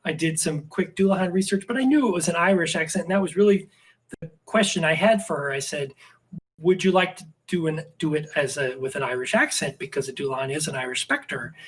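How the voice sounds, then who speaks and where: A man's voice: fairly high pitch, brisk, breathy edge, poor audio. A man talking as a podcast guest in a casual, rambling chat with many restarts and fillers. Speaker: podcast guest, script writer.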